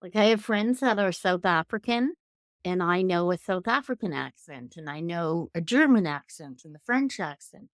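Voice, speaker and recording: A woman's voice: lowish voice, lively intonation, normal speed, no room sound, studio quality. A woman with a Canadian accent hosting an interview, effusive and thoughtful, musing aloud as she talks. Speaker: podcast host. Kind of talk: conversational interview.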